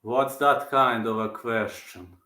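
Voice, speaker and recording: A calm male fighter, drawled out slowly and flatly, as a man puts him on. The tone sits a bit low and stays bright. The room around it echoes. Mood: deadpan. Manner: slow, measured, deadpan delivery. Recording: roomy echo.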